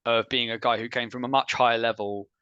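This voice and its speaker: Bright-voiced male podcast host. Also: medium pitch, fairly even intonation, clean tone, dry recording, lo-fi sound. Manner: chatty and opinionated, quick asides. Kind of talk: casual sports podcast chat.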